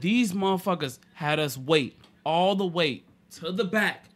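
A young man, a podcast co-host, telling a casual, profane story and swinging between loud and quiet. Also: high-pitched, expressive, unhurried. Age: young adult.

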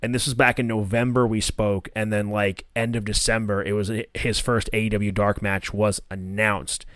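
Smooth-voiced male podcast host. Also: fairly low pitch, flat delivery, normal speed, a bit bright, no room sound, clean studio sound. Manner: easygoing, brief reactions. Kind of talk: casual podcast chat.

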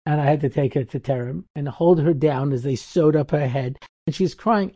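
A man's voice: a little high, moderate pace, few pauses, warm tone. A middle-aged man, a rabbi and seminary teacher, giving a storytelling lecture and acting out the people in his stories.

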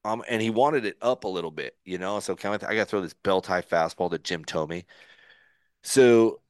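A middle-aged man, a former pitcher as a podcast guest, telling a story in a casual, animated way, acting out his own thoughts and often restarting his sentences. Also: moderate pace, clear, resonant tone, dry recording, studio quality.

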